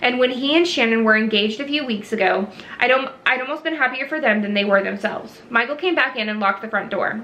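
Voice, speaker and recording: Bright-voiced woman reading a novel aloud. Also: on the high side, lively intonation, fairly quick. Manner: reads with small slips and restarts. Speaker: reader.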